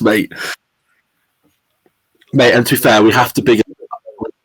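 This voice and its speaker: A young man co-hosting a podcast, chatting casually and excitably, swearing and saying "mate" all the time. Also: mid-range voice, slow, long pauses, no echo, low-quality recording. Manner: excitable, swears a lot, says "mate" constantly. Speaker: podcast co-host. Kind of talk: casual chat.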